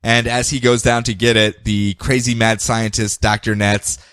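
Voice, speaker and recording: Podcast co-host, male, lively and jokey, close dry sound. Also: on the low side, moderate pace, clear, resonant tone, no echo. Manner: animated, jokey, puts on voices while recapping. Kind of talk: casual comic book discussion.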